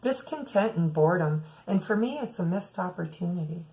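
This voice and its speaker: A woman's voice: on the low side, lively intonation, fairly quick, dark tone, rough recording. A woman giving a weekly tarot reading, musing aloud and speaking to her viewers as "some of you.". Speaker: tarot reader.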